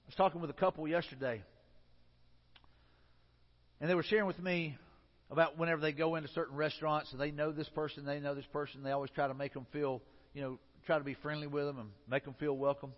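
Man, pastor, high-pitched voice, conversational sermon, restarts phrases, muffled recording, long hall reverb. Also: steady tone, fast talker.

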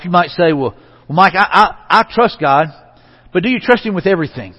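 A man pastor preaching a conversational sermon in a church, repeating phrases and letting line endings drop soft. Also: high-pitched, animated, quick pace. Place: church sanctuary. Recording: dull, reverberant church hall recording.

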